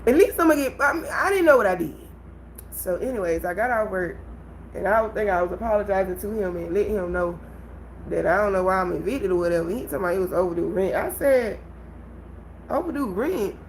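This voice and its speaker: A woman vents to her livestream viewers, telling her story in an animated, conversational way. Her voice sits at a middle pitch, and a faint background noise runs under it. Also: quick pace, low-quality recording. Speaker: livestream host. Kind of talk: casual livestream venting.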